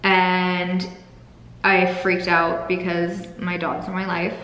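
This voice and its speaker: A young woman with a lowish voice tells a painful story from her own life, frank and emotional, with swearing and a fight against tears. Her voice rings in an echoey room with a long reverb tail and faint noise underneath. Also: completely flat delivery, slow, a bit bright. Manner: candid, emotional, swears freely. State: holding back tears. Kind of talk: personal storytelling.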